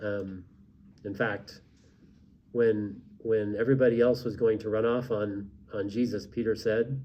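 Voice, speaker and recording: A man's voice: lowish voice, steady tone, measured pace, lo-fi sound, slight background noise. A man co-hosting a casual faith discussion, talking in loose rambling sentences with frequent restarts. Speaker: co-host.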